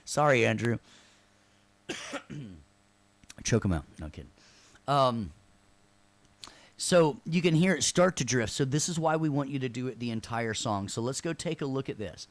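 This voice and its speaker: Speaking at normal speed with lively intonation, this mid-range male instructor runs a casual online class in a loose, joking way. He drops sarcastic asides and keeps asking his students "right?" to check in. There's no echo on the recording.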